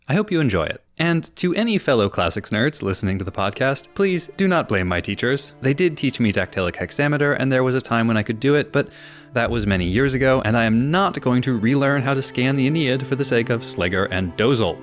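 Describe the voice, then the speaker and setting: A man co-hosting a podcast, narrating a prepared segment in a measured storytelling way. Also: medium pitch, animated. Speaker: podcast co-host. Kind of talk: casual chat and prepared narration.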